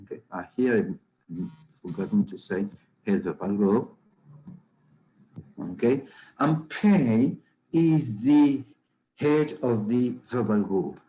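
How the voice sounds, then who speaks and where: Male grammar teacher, slow and deliberate, mellow low-toned voice, keeps checking the class understands. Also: expressive, poor audio. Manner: measured, often checks understanding with "okay?" and "right?".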